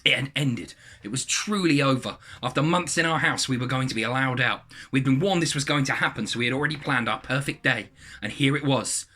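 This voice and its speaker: A man reading a submitted story aloud in a lively, animated way. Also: mid-range voice, fairly quick.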